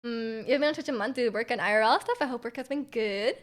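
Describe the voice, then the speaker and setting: A young-sounding woman chatting on her stream, her voice a touch high. She rambles with fillers and frequent giggles. Her throat sounds slightly off. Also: rapid-fire. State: throat feels off. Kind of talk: casual chat with viewers.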